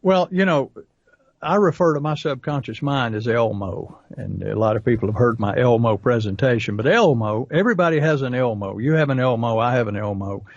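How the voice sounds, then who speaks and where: A man's voice: medium pitch, expressive, a little fast, dry recording, lo-fi sound. A man, co-hosting a podcast as a business coach and telling folksy stories with acted asides. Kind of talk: casual podcast talk.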